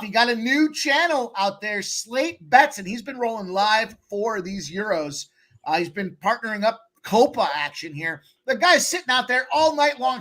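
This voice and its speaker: A man hosting a sports betting show, talking in an energetic, slangy hype style. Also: high-pitched. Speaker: host.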